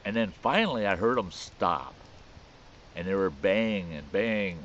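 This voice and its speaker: Man storyteller, folksy and lively in pitch, slightly muffled with faint hiss. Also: a little slow. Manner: folksy, rambling, with restarts and chuckles. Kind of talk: casual spoken storytelling.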